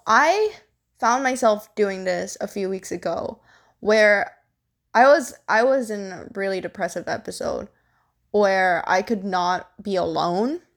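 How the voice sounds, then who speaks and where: A young woman talking casually to camera as a vlogger, giving life advice in a frank, blunt way, with frequent swearing and lots of "like" and "you know". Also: medium pitch.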